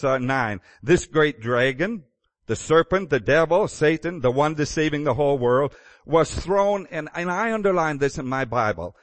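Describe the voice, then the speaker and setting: A man's voice: a little high, dry recording. A man preaching a sermon in a conversational way, with chuckles and restarts. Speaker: pastor.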